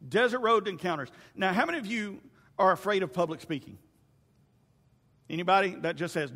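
A man's voice: high-pitched, a little fast, long pauses, pushed and bright. A male pastor preaching a folksy, conversational sermon straight to his congregation. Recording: reverberant hall.

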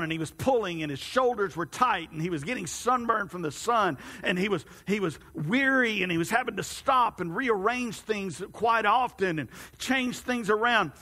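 Husky preacher telling a story. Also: male voice, sits high. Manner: animated, halting narration with repeated restarts. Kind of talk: sermon storytelling. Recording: long hall reverb.

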